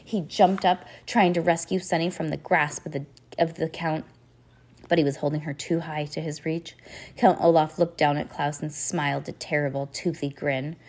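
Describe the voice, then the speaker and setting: A woman reading a storybook aloud as narrator, expressive and with varied pace. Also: deep voice.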